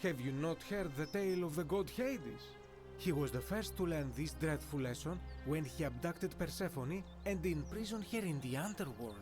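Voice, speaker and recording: A man's voice: fairly high pitch, lively intonation, normal speed, over music, close to an everyday voice. A man voicing a formal, philosophical Greek townsman in an ancient Roman city, in a video game. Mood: solemn. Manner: stately, formal, quotes old sages. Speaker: game character.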